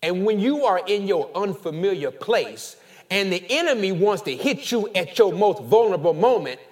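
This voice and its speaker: A man preaching a sermon as pastor, animated, with call-and-response and casual storytelling asides. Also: high voice, normal speed.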